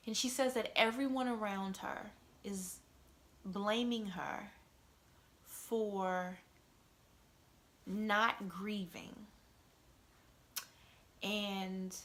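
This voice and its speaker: Middle-aged woman vlogger, bright tone, heartfelt and chatty storytelling. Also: mid-range voice, steady tone, extremely slow, pauses often. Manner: emotional, conversational, many "you know" and "right?" asides. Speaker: vlogger telling a personal story.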